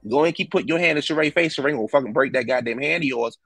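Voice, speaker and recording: A man's voice: mid-range voice, rapid-fire, a bit bright, husky, dry recording. A man hosting a casual reality TV recap, blunt and profane, ranting and stretching out words for emphasis. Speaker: TV recap host.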